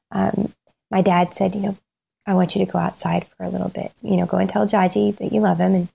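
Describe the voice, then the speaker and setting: A woman's voice: fairly low pitch, gravelly, mellow, slightly rough. A woman co-hosting a podcast in casual conversation, talking in a heartfelt, rambling way with fillers and restarts. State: tearful, crying at times. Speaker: podcast co-host.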